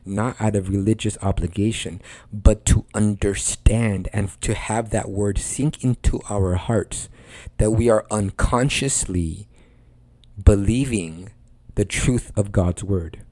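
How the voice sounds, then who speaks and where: A man's voice: on the low side, takes it slowly, darkish tone, no echo. A man hosting a Christian podcast, preaching in a conversational way with earnest emphasis and repeated phrases.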